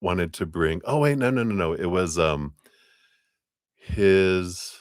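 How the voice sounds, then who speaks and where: A deep-voiced man with a slight Southern US twang talks his way through a live tarot reading. He speaks slowly, rambles casually and laughs often. The sound is close and dry. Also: animated, no room sound. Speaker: tarot reader hosting a live stream.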